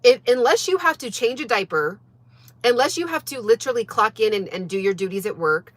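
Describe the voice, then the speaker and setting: On a casual wellness livestream, a woman with a high, animated voice talks a bit fast, and there's no room sound. She addresses viewers earnestly and emphatically, packing in fillers and often tossing in "right?"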